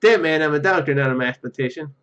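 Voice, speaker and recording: A cranky skeleton ship doctor from a comedy adventure game snaps back in exasperation, voiced by a man. His voice is a bit high. The recording is dull and lo-fi. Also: racing, a bit bright, close to an everyday voice. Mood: exasperated. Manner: exasperated, snapping catchphrases.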